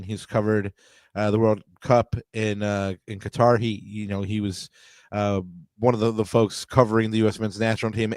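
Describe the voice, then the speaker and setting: A man's voice: fairly low pitch, darkish tone, clean tone, no room sound. A man co-hosting a soccer podcast, talking casually and rambling with lots of fillers and restarts. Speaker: podcast co-host. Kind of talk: casual sports podcast chat.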